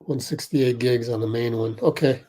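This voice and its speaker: A young man hosting a casual sports livestream, thinking aloud and calling plays in quick bursts while chatting with viewers. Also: mid-range voice, dark tone. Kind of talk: casual live game commentary and chat.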